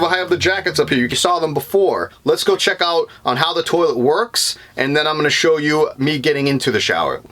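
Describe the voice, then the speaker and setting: A young man with a Boston accent, casually walking through his van on a vlog, rambling with lots of ums and self-corrections. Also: on the high side. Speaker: van life vlogger. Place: inside a van.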